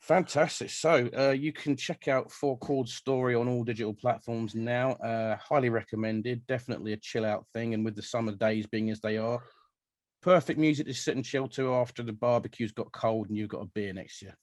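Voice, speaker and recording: A radio show host from London, England, interviews guests over a video call in a mid-range voice at a steady tone and moderate pace. Chatty and self-deprecating, he jokes at his own expense and trades playful banter, and the sound is dry and close.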